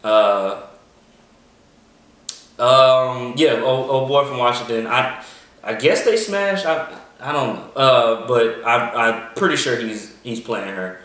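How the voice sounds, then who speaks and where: A man's voice: medium pitch, takes it slowly, fairly bright tone. Man chatting in an echoey room. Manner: rambling, full of ums and restarts. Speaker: podcast co-host. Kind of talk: casual TV episode review chat. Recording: echoey room, mic far off.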